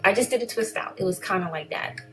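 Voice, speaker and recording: A woman talks casually to her viewers in a rambling vlog voice, often stopping to correct herself. Her pitch sits in the middle, and soft music plays faintly underneath. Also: fast, poor audio. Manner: chatty, rambling, corrects herself mid-sentence. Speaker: vlogger.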